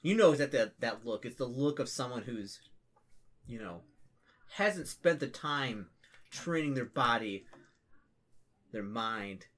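A man's voice: medium pitch, expressive, slow pace, long pauses, fairly bright tone. A man narrating as game master, rambling with lots of fillers. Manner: rambling, full of fillers and restarts.

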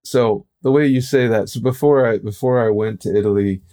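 A man's voice: fairly low pitch, brisk, mellow. A man co-hosting a podcast and interviewing a guest, chatting casually with playful, joking banter.

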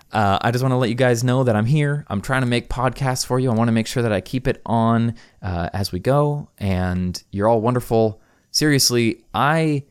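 Male podcast host, young adult, lowish voice, loose filler-heavy delivery, dry home recording. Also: no room sound. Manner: casual, rambling, many fillers. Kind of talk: solo podcast chat. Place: room in his house. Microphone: studio microphone.

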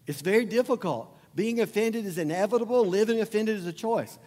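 A middle-aged male pastor with a fairly high voice delivers a conversational, joking sermon, often asking his congregation questions. His voice rings with the long reverb of a church hall. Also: brisk, few pauses, darkish tone. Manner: conversational preaching, asks the crowd questions, jokes.

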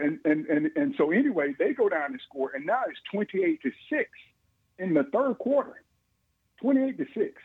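A man, a former football player telling animated stories in an interview, chuckling often. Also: fairly high pitch, normal speed, slightly rough, dry recording. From Georgia, USA. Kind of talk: storytelling interview. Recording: phone-like line, dry.

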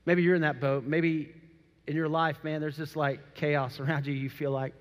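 High-voiced male preacher in a reverberant hall. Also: normal speed. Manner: animated storytelling preaching with acted quotes. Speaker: pastor. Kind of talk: sermon.

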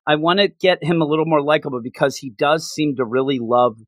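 Podcast co-host, male, slightly high voice, dry close sound, animated and chatty. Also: no room sound. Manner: animated, acts out characters' lines in quick bursts. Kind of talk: casual chat.

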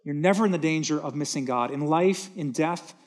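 A man's voice: on the high side, a little fast. A man preaching a sermon from a church stage, earnest and emphatic, repeating words for stress. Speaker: pastor.

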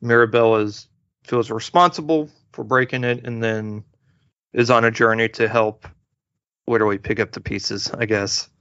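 Male podcast host, relaxed rambling review delivery, mid-pitched voice, muffled dry recording. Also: moderate pace, clear, resonant tone, dry recording. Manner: relaxed, rambling, lots of fillers and restarts. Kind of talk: casual movie review chat.

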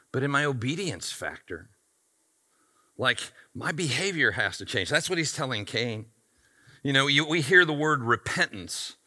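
A man's voice: medium pitch, pushed and bright. A man pastor delivering a sermon in an emphatic, conversational way.

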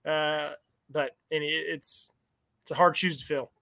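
Hesitant guest, dry sound. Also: male voice, a little high, steady tone, a little slow, bright, forceful tone, no room sound. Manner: hesitant, lots of fillers and restarts. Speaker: podcast guest, former college player. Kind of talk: casual sports podcast chat.

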